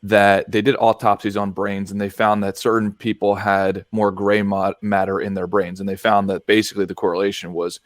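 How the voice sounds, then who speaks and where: Male podcast host, lowish voice, dry sound, measured explainer. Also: little pitch movement, dry recording. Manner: measured, explains ideas step by step. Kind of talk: casual conversation.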